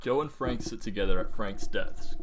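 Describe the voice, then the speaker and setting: A man reading fan fiction aloud in a deadpan comic narration. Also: lowish voice, moderate pace, background noise. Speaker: comedy YouTuber.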